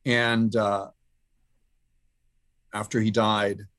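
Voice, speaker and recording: Man, middle-aged, podcast guest, earnest, reflective, halting storytelling. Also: fairly low pitch, level tone, fairly bright tone. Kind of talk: personal storytelling in conversation.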